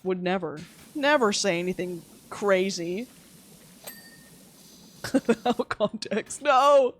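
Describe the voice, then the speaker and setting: A woman's voice: medium pitch, expressive, slow. A young woman live-streaming a game, chatting casually and teasing her chat with frequent giggles.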